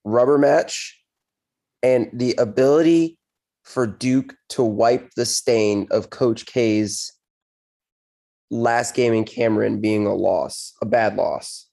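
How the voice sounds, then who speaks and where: A hoarse man co-hosting a casual sports chat, excited and rambling. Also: mid-range voice, takes it slowly.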